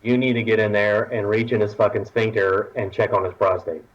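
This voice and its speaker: A man's voice: lowish voice, little pitch movement, a little fast, muffled recording. A man from Texas telling a war story on a podcast, laughing often and acting out the people he quotes. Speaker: podcast guest. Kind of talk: casual storytelling.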